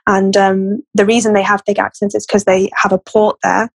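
A woman from England with a Blackpool accent and a husky voice, chatting openly as a podcast guest. She muses as she talks. The sound is dry and close. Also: medium pitch, little pitch movement, moderate pace, dry recording, poor audio. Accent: English, Blackpool. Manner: open, chatty, musing. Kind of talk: casual conversational interview.

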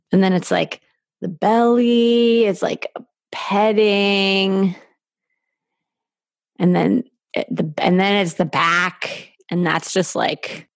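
Soft-spoken woman, dry close sound. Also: sits low, creaky, no room sound. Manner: slow, halting, soft, with many filler likes. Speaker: podcast guest. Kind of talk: intimate conversational interview.

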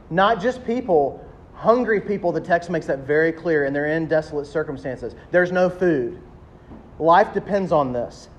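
A man, preaching a sermon as a pastor, emphatic and animated, slowing down to stress key words. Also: fairly high pitch, slight background noise. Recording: dull lo-fi sound with faint ambience.

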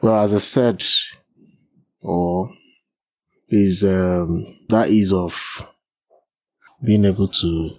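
Deep-voiced, laid-back man. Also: fairly even intonation, a little mellow, rough recording. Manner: laid-back and halting, often laughing and trailing off. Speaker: podcast co-host, married to the other speaker. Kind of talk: casual chat.

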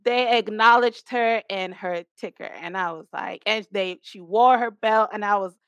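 A woman co-hosting a casual podcast chat, talking in an animated, playful way and laughing often. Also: mid-range voice, normal speed, lo-fi sound, slight background noise. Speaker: podcast co-host. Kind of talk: casual chat about wrestling.

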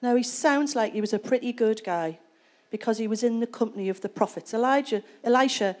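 A woman's voice: a little high, a little fast, darkish tone. A woman preaching a sermon in church, retelling a scripture passage and explaining it in a conversational way. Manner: conversational storytelling, reads scripture then explains it.

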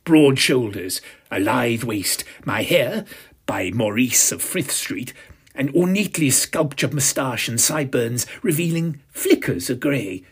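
A man's voice: mid-range voice, breathy edge. A man in his fifties narrating a first-person audio drama with a pompous, self-satisfied, arch manner. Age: 50s.

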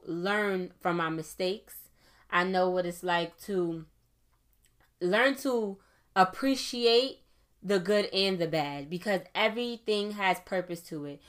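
A young woman hosting a faith podcast, talking fast and chatty, often checking in with listeners with a quick "okay?". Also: lowish voice. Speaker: podcast host. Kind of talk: casual faith podcast monologue.

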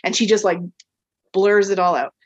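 Here a podcast guest who works in equine therapy casually wanders through a story from her own life, filling it with "like" and "um." She has a mid-range, slightly rough voice and a moderate pace. The recording is dry, with the highs cut off.

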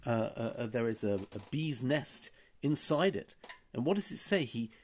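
A man's voice: mid-range voice, animated, moderate pace. A man hosting a podcast, giving an informal Bible lesson in a conversational way, full of fillers and rhetorical questions, reading Hebrew verses aloud and translating them. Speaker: Bible teacher and podcast host.

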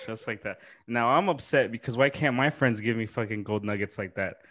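A man hosting a casual reaction chat who is excitable, laughs often and swears freely. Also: medium pitch, a little fast. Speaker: podcast host.

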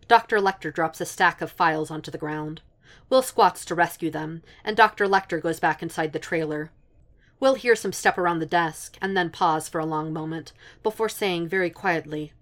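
A woman narrates fan fiction as an audiobook. Her voice sits low, and she keeps a steady, even storytelling pace. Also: normal speed.

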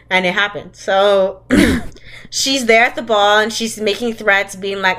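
A woman's voice: mid-range voice, fairly even intonation, measured pace, bright, forceful tone. A young woman co-hosting a casual podcast, sarcastically recapping a movie's plot, laughing often and acting out the characters' lines. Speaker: podcast co-host.

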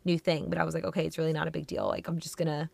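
Chatty young woman with a gravelly voice. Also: low voice, flat delivery, darkish tone, no room sound. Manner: chatty, upbeat, quick laughs. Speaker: podcast co-host. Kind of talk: casual chat.

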